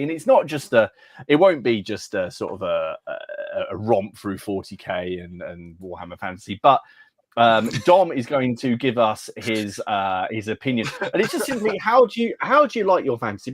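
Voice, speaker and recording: Lively, lower-voiced man co-hosting a podcast. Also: dry recording. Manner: animated, laughs easily, stumbling restarts. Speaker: podcast co-host. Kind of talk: casual hobby podcast chat.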